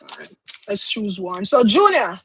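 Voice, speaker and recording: A woman's voice: mid-range voice, sing-song, normal speed, a bit bright, a little hiss or hum, low-quality recording. A Jamaican woman, a tarot reader, chatting casually on a livestream and slipping into patois phrases. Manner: chatty, switches into patois phrases, laughs often.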